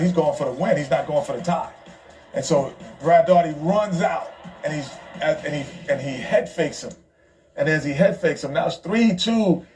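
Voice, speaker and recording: A man's voice: on the high side, darkish tone. A former basketball player telling an amused story about his rookie year in a casual interview.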